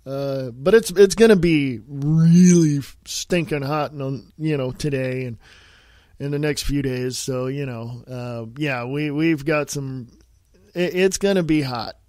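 A man's voice: mid-range voice, measured pace, darkish tone, dry recording, clean studio sound. A man hosting a casual political podcast, with a stuffy nose, talking in a blunt, heated and profane way. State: stuffy nose from sinus infection and allergies. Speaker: podcast host.

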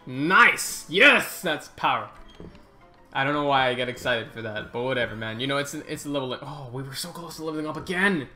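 In a mid-range voice, a gaming channel host rambles casually through his play session. He's excitable and quick with groans and swears aimed at the game, and faint music runs behind him.

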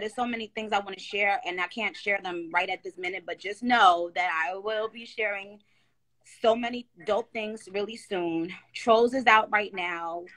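A woman's voice: mid-range voice, sharp tone. A woman talking into her phone on a casual live stream, emphatic and slangy, rambling through restarts.

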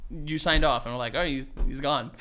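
A man's voice: medium pitch, fairly quick. A man co-hosting a casual podcast chat, telling stories with lots of acted-out quotes and laughter. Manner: animated storytelling, acts out quotes, laughs often. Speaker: podcast co-host.

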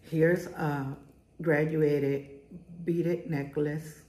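A woman's voice: low voice, little pitch movement, very slow, dark tone. A middle-aged woman with a strong accent, chatting casually and enthusiastically as she shows jewelry in her home garage. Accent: strong non-native accent. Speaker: jewelry vlogger. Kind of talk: casual haul vlog. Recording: echoey room, faint noise.

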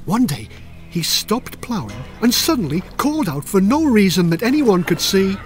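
A man's voice: high voice, very animated, normal speed, soft background music. Playful older man telling a children's story. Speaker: author reading his own book. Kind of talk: audiobook narration for children.

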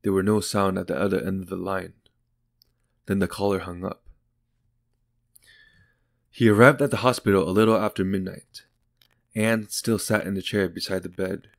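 A man reading a short story aloud in calm, unhurried scripted narration. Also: low voice, vocal fry. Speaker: audiobook narrator.

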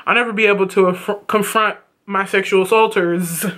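A woman reviewing a TV episode in a casual vlog, blunt and profane, with a flat tone that can sound sarcastic. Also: medium pitch, moderate pace. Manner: blunt and profane, animated retelling.

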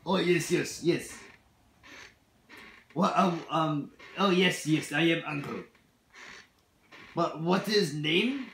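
An actor playing a volatile Icelandic park ranger in broken English with a put-on Icelandic accent, prone to shouting. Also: male voice, fairly high pitch, slow, creaky, long pauses, roomy sound, slight background noise, full character voice. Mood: flustered.

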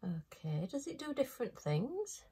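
A woman, chatting casually as she unboxes a craft kit. She thinks aloud and breaks into bright little exclamations. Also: fairly high pitch, big pitch swings, moderate pace, husky. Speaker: craft vlogger.

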